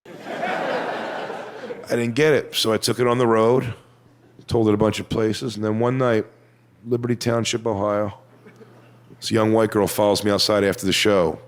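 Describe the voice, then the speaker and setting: A man doing a stand-up set, telling a crude story in a deadpan way and mocking other people with put-on voices. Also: on the low side, a little slow, long pauses, slight background noise. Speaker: stand-up comedian.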